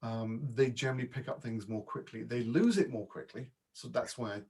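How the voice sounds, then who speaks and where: A man who works as a voice and dialect coach, talking casually as a podcast guest and stumbling over quick restarts. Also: medium pitch, darkish tone, breathy edge. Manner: chatty, with frequent false starts and repeats. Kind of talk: casual interview chat.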